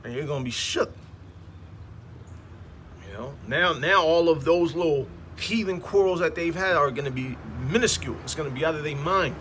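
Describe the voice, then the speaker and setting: A man's voice: fairly high pitch, normal speed, a bit bright. A man street preaching in a slangy, emphatic way, peppering his talk with "man, all right?" outdoors beside passing traffic.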